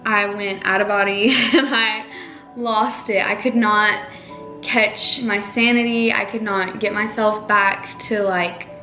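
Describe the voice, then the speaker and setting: A woman's voice: medium pitch, fairly even intonation, slow pace, sharp tone. A young woman telling a personal story to the camera in a casual, emotional way, full of "like"s and restarts. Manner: emotional, rambling retelling with many "like"s. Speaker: family vlogger. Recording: echoey room with faint music.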